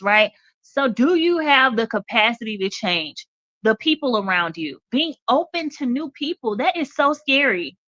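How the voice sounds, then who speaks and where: A woman's voice: on the high side, very animated, moderate pace, pushed and bright, dry recording, muffled recording. Direct woman talk show host. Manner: direct, emphatic, checks in with "okay?". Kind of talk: motivational talk.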